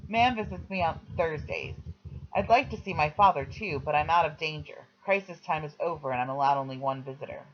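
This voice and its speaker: A reader narrates a memoir audiobook at a middling pitch, in a plain storytelling manner. The recording sounds slightly dull and lo-fi. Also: a little fast. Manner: plain storytelling, quoting voices.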